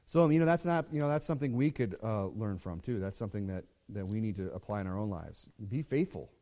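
A man's voice: fairly low pitch, lively intonation, quick pace, dark tone, long reverb tail. A man teaching a Bible study in a loose, conversational way, repeating words and reading scripture aloud.

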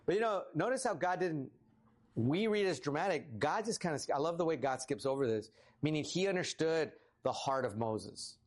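Animated casual male pastor. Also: normal speed. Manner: casual, animated, rises in pitch for emphasis. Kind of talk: conversational sermon.

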